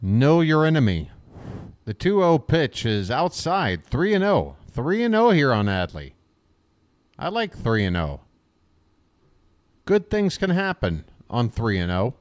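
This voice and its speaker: A man calls a baseball game live for a stream in a mid-range voice. He wisecracks and chats with his viewers between pitches, switching easily from the count to the banter. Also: wildly swooping pitch, a little slow, long pauses. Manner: chatty, wisecracking, talks to viewers in chat. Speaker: fan play-by-play commentator.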